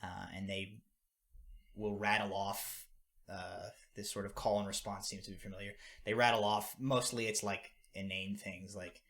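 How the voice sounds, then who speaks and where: A man with a fairly low voice runs a tabletop game, describing scenes in a loose, casual way full of um and like. He talks as if to friends around a table. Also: little pitch movement, measured pace, vocal fry, fairly bright tone. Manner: casual, many fillers and restarts. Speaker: game master.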